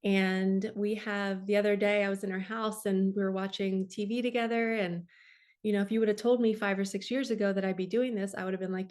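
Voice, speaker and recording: A woman's voice: medium pitch, flat delivery, fairly quick, a little mellow. A woman in her forties, a spiritual coach, talking earnestly and emotionally about her own experience to camera. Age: 40s. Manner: earnest and emotional, tearful in places. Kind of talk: personal testimony to camera.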